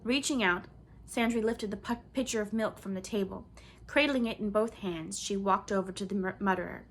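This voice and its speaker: A woman reading a children's novel aloud in clear, measured storybook narration. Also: mid-range voice. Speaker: audiobook reader.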